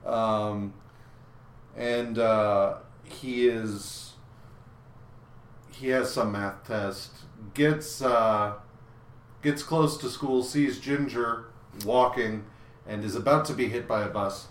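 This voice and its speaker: A man co-hosting a casual comic book podcast, recapping issues in a halting way with many filler pauses. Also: medium pitch, echoey room.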